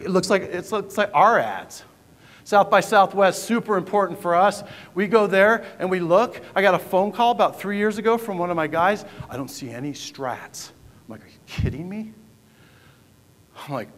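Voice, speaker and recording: A man's voice: fairly high pitch, a bit bright, slight background noise. A man giving a joking, punchy keynote talk to a conference audience, often asking the crowd questions. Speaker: conference speaker. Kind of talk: keynote presentation to a live audience. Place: large conference hall. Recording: distant hall reverb, faint ambience.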